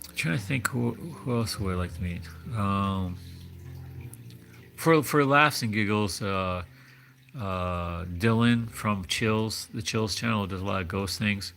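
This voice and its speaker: A man hosting a casual livestream, rambling and hesitant, often restarting his thoughts. His voice sits low, with a faint hiss of noise behind it. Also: slow, gravelly, a bit bright. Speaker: livestream host. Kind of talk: casual chat.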